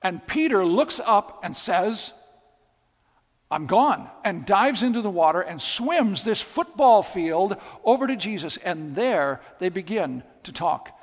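A man's voice: high voice, big pitch swings, a little slow, hardly any pauses. A man preaching a sermon, telling stories with emphatic, repeated phrases. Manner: storytelling, emphatic and repetitive. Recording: long hall reverb.

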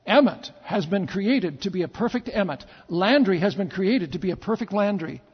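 A pastor telling stories in a sermon, with repeated phrases and dramatic pauses. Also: male voice, high voice, expressive, breathy edge. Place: church sanctuary. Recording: long church reverb, dull lo-fi sound.

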